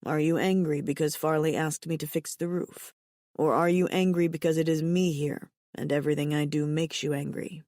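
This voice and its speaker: Narrator doing a mild-mannered alien barbarian man, low and even, warm, dry read. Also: normal speed, dry recording, natural voice. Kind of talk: audiobook character voice.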